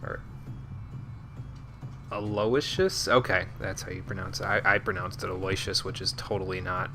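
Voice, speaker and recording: A man's voice: low voice, flat delivery, quick pace, pushed and bright, soft background music. A young man streaming a video game, chatting casually and mumbling to himself as he plays. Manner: mumbles to himself, chuckles often. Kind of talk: casual gameplay commentary.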